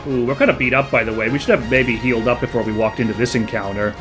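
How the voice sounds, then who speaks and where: A man hosting a let's play, chatting casually and reacting out loud to the action as he plays. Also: medium pitch, quick pace, over loud music. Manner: chatty, excitable, reacts aloud to gameplay. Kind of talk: casual gameplay commentary.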